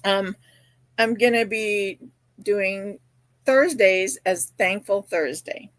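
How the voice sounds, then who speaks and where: This woman runs a crochet live stream, talking slowly in a medium-pitched voice with fairly even intonation and no room sound. She chats casually, reads viewer comments, and tells stories peppered with fillers and quoted voices.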